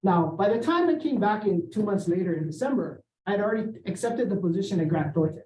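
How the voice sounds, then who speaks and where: A middle-aged man from Hawaii giving a seminar talk, telling a personal story, acting out the dialogue, clearing his throat and adding "right?" as he goes. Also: high-pitched, fairly quick, a little hiss or hum. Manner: animated, acts out quoted dialogue, often clears throat and adds "right?". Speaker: seminar speaker. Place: lecture room. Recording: echoey room, voice far from the mic.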